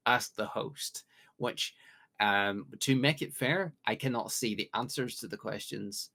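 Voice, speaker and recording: A man from the UK hosting a casual podcast quiz, joking along and reading out multiple-choice questions with drawn-out pauses. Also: lowish voice, creaky, sharp tone. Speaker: quiz host.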